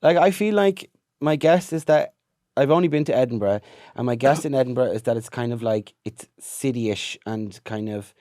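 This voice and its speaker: A man chatting as a comedian guest, teasing and quick with laughing asides. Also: mid-range voice, dark tone, no echo, studio quality. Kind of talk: casual chat.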